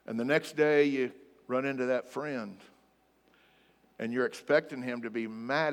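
A man preaching a sermon to a congregation in a church hall, emphatic, swinging between loud declarations and soft asides. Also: medium pitch, steady tone, a little slow, pauses often. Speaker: pastor. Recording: long hall reverb, faint music behind.

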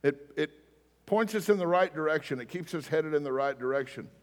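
A man's voice: a little high, brisk. A man preaching a sermon as pastor, telling stories in a casual, self-deprecating way. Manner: conversational, storytelling, self-deprecating. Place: church sanctuary. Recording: long reverb of a hall.

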